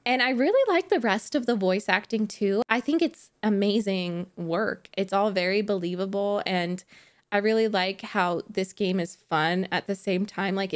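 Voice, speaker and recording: A young woman talks through her reaction to a game in a casual, gushing way, full of likes and ums. She speaks at an unhurried pace. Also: mid-range voice. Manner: gushing and enthusiastic, with frequent "like" and "um".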